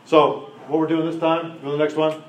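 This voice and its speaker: A man preaching informally to a group, animated and laughing as he acts out quotes. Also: on the high side, fairly quick. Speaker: pastor leading a group exercise. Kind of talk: informal sermon with group participation. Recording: roomy echo.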